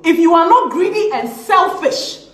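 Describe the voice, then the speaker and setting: A woman's voice: extremely high pitch, animated, unhurried, a bit bright. A woman from Ghana with a Ghanaian English accent, delivering an indignant, sarcastic rant to camera, repeating phrases for emphasis and slipping into Twi. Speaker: vlogger. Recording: echoey room.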